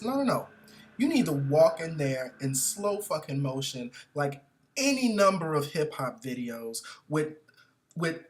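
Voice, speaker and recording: A man telling comic stories in an animated, profane, mocking rant about customers. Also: a little high. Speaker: comedian. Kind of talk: comedic storytelling rant.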